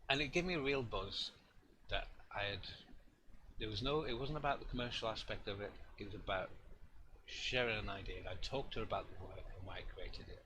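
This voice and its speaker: Male artist, lowish voice, rambling casual host, noisy room ambience. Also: a little fast. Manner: rambling, self-deprecating, with frequent restarts. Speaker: artist hosting a live draw-and-chat stream. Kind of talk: casual storytelling chat.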